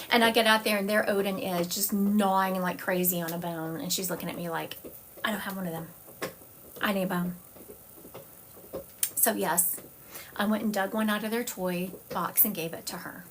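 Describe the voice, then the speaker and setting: A woman's voice: a little high, fairly bright tone, slight background noise. A woman psychic medium giving a live-stream reading at home, chatty and digressive, drifting into side stories.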